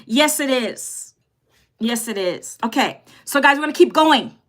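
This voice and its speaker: A woman's voice: sits high, expressive, measured pace, a bit bright. A woman in her fifties hosting a live stream, chatting casually with her viewers and reading out their comments. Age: 50s.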